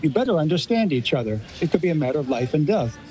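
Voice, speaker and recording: A man's voice: fairly high pitch, very animated, quick pace, darkish tone, low-quality recording. A man speaking as a linguist guest, arguing firmly and backing his points with examples. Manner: firm, argumentative, uses examples. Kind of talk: expert discussion.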